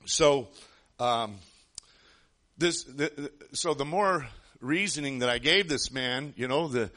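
A man's voice: medium pitch, takes it slowly, sharp tone. A man preaching a sermon, telling a personal story in an earnest, rambling way with frequent restarts.

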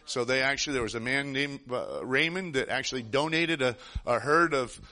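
A man preaches to his congregation while telling a long personal story, with a bright, forceful tone. He speaks earnestly and rambles, often restarting his sentences. His pitch sits in an ordinary middle range. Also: expressive, normal speed. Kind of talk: sermon storytelling.

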